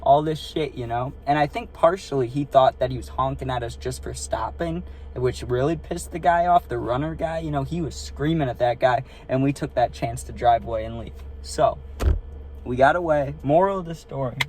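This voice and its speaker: A man's voice: medium pitch, normal speed, darkish tone. Young man telling a rambling story. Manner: rambling, profane, filler-heavy, asks listener "right?". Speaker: storytime vlogger. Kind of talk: casual storytelling. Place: parked car.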